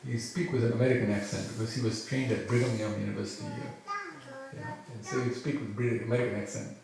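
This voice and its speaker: Gravelly, animated man in an echoey hall. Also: medium pitch, quick pace, distant mic, over music. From Fiji. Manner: animated storyteller, acts out dialogue, laughs often. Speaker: spiritual speaker. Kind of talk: storytelling talk to a gathering.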